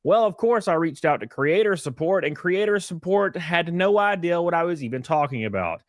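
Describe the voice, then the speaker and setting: A man's voice: on the high side, lively intonation, moderate pace, no echo, studio quality. Aggrieved Southern man telling his story. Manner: aggrieved storytelling, recounting complaints. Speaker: content creator. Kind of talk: explanatory online video.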